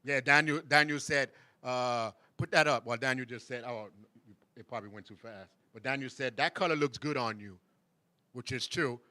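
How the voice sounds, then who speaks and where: A man's voice: medium pitch, normal speed, pushed and bright, dry recording. A man hosting a show, chatting casually, laughing often and mimicking people in sing-song voices. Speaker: show host. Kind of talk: casual chat.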